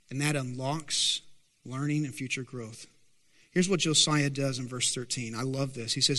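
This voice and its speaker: A man preaching a sermon as pastor, animated and often asking the congregation questions. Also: medium pitch, normal speed, in a large hall.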